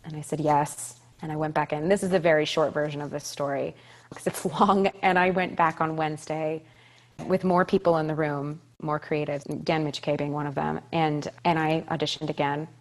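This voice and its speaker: Animated young woman telling a story. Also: sits low, moderate pace. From California. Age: 20s. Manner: animated, emphatic, repeats phrases, laughs often. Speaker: Broadway actress, guest. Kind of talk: casual interview storytelling.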